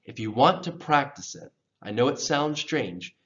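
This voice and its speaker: A man teaching English pronunciation, patiently repeating words slowly for learners to copy. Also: medium pitch, animated, fairly bright tone, lo-fi sound. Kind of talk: pronunciation lesson.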